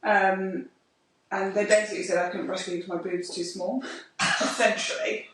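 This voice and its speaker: A woman's voice: mid-range voice, moderate pace, a little hiss or hum. Woman ranting in an echoey room. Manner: expressive, ranting storyteller. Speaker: podcast co-host, mother. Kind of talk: casual chat. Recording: echoey room, mic far off.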